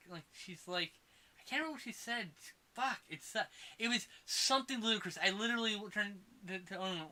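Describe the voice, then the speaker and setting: A man co-hosting a podcast, chatting casually about a movie, excitable and quick to swear and laugh. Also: high-pitched. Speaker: podcast co-host. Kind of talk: casual movie review chat.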